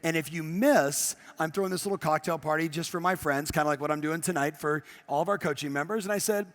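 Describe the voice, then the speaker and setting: A man's voice: a little high, fast. A middle-aged man coaching a live audience on stage, telling stories animatedly and acting out quoted voices. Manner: animated storyteller, acts out quotes. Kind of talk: motivational seminar talk. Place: event room with live audience.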